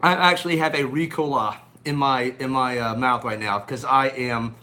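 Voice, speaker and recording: A man's voice: mid-range voice, fairly even intonation, normal speed, sharp tone. A man hosting a casual live stream from his home, greeting viewers by name in an upbeat way with a slightly scratchy throat. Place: at home indoors. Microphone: phone on a gimbal.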